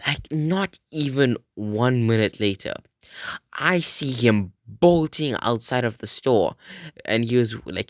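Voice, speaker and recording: A man's voice: medium pitch, no echo, clean studio sound. A fourteen-year-old boy casually telling a rambling, profane story as a vlogger, often acting out what his friends said. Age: teens. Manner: rambling, swearing, acts out quoted friends in a raised voice.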